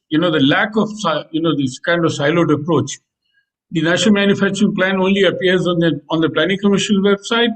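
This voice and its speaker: Man, Indian English accent, panel speaker, fairly high voice, hesitant fillers. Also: low-quality recording. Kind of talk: panel discussion.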